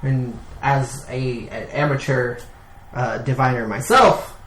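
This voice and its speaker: A man's voice: mid-range voice, fairly even intonation, slow, fairly bright tone, a little hiss or hum. A man playing a tabletop game, talking hesitantly with many fillers, recorded in a roomy space. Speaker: player.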